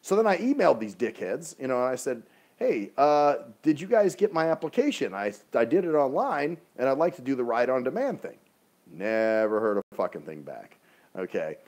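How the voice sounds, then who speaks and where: A man's voice: medium pitch, very animated, normal speed, a little mellow. A man telling an exasperated, profane story in a casual ranting livestream, speaking into a phone.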